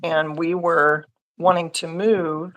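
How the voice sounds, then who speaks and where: A woman's voice: on the low side, level tone, takes it slowly, low-quality recording. Giggly, chatty middle-aged woman guest. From Missouri, US. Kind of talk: casual livestream chat.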